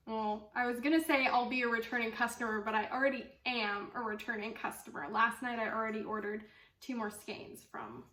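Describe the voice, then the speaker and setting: A woman's voice: on the high side, a bit bright, distant mic. A young woman hosting a knitting podcast from home, chatting casually and gushing, with lots of fillers. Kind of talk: casual chat to camera. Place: at home with her dog. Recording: echoey room, voice off-mic.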